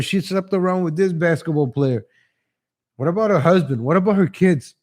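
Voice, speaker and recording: Guy ranting on his stream, kinda high voice, rambly, keeps chuckling and saying ladies and gentlemen. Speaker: livestream host. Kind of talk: casual opinion commentary.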